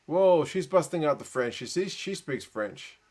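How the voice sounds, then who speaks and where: A man with a New Zealand accent hosting a late-night live reaction stream. He mutters asides and answers chat comments in a relaxed, tired way. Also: a little high, unhurried. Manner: relaxed, muttered asides and chatty replies to viewers.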